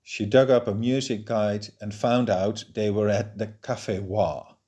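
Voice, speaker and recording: A man narrating a novel in a steady, measured reading voice. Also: on the low side. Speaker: audiobook reader.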